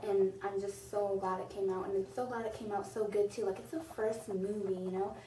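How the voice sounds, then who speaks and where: In a casual vlog, a woman reviews a movie, gushing and rambling with plenty of "like." Her medium-pitched, mellow voice stays steady in tone and runs a little fast. She sits far from the mic, so the sound is off-mic with a roomy echo and faint noise.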